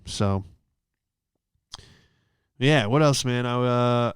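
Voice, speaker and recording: Man, young adult, comedian host, smooth clear voice, dry close sound, loose and profane storytelling. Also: mid-range voice, extremely slow, no room sound. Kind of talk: rambling solo storytelling.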